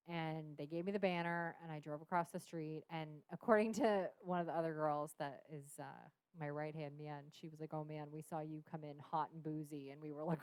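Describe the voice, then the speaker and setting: A woman's voice: low voice, steady tone, brisk, few pauses, darkish tone, clean tone, no echo. A woman in her thirties, a podcast guest, frankly telling a personal story with frequent swearing and laughter. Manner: frank, profane, laughs often. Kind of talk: candid storytelling.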